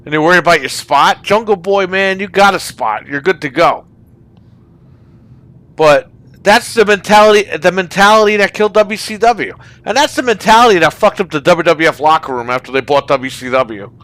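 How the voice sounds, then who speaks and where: Profane, bright-voiced man ranting. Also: high-pitched, expressive, moderate pace. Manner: profane, ranting about wrestling. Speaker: podcast host. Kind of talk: casual gaming party chat.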